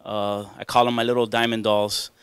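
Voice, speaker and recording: Male stand-up, self-deprecating crowd work, smooth clear voice, dry close mic. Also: fairly low pitch, level tone, moderate pace, a bit bright, no room sound. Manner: chatty, self-mocking, riffs with the crowd. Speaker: stand-up comedian. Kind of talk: stand-up comedy set. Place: comedy club stage before a live audience.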